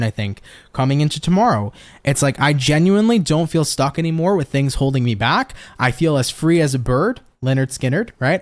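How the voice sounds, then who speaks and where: Laid-back, swearing young male tarot reader. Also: fairly high pitch. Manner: laid-back, swears often, laughs a lot. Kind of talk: casual tarot reading. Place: home office.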